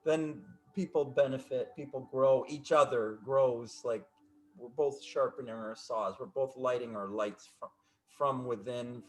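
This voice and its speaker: A man's voice: medium pitch, measured pace. A man coaching in casual conversation, speaking in emphatic, repetitive affirmations over a video call. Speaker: life coach.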